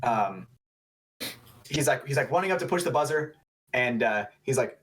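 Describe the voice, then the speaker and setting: A young man, a game referee, chatting on a podcast as an animated storyteller who swears and laughs a lot. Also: mid-range voice, normal speed. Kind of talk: casual chat.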